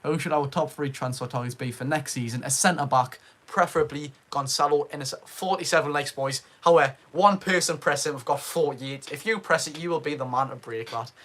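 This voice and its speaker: A man's voice: a little high, fairly quick, few pauses, fairly bright tone. A young man with a Geordie accent, hosting a casual live stream from home, chatting to viewers and reading out names from the chat. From Northeast England. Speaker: livestream host.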